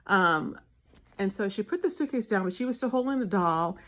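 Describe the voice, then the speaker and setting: A woman casually telling a family story and giving parenting advice, animated and acting out the dialogue. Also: mid-range voice, moderate pace. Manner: animated retelling with voiced dialogue. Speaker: parenting vlogger. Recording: dull lo-fi sound.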